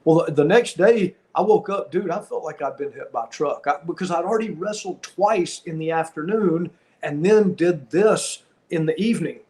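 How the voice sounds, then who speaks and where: A middle-aged man hosting a podcast. He tells a story in a casual, animated way and acts out the lines of the people in it. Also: a little high, moderate pace. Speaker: podcast host and former wrestler.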